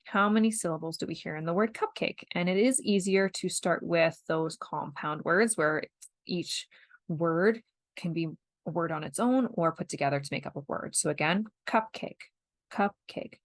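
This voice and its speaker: A woman's voice: lowish voice, moderate pace, no room sound. Patient Canadian woman teaching reading skills. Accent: Canadian English. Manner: patient, explains step by step with spoken examples. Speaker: podcast host, parent educator. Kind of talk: instructional podcast talk.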